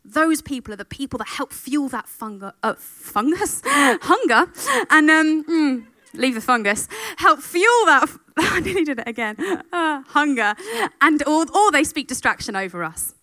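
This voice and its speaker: A woman preaching a sermon, telling a story with emotion and animated delivery. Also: high voice, normal speed, dry recording.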